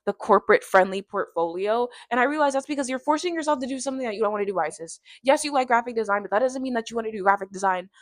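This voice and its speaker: A woman's voice: fairly high pitch, animated, no echo. Rambling young woman, dry close sound. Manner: rambling, fast talk with many fillers and tangents. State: tired. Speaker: vlogger. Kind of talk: casual chat to camera.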